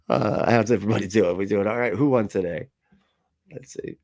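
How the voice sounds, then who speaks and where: A man's voice: on the low side, a little slow, long pauses, no echo, studio quality. Sarcastic man hosting a livestream. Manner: sarcastic, laughing, rambling. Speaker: livestream host reacting to a video. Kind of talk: sarcastic casual livestream commentary.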